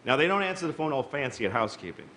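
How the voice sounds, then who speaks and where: A man in his fifties doing stand-up comedy, telling stories in an exasperated, animated way. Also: fairly high pitch, rapid-fire, heavy background noise. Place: stage before a live audience. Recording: live show with loud crowd laughter.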